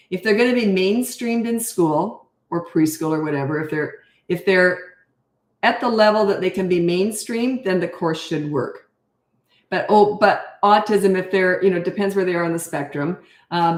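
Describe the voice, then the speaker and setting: In a roomy-sounding recording, an older woman with a lowish voice fields viewers' questions about parenting. She's blunt and emphatic, hammering her main points by saying them again.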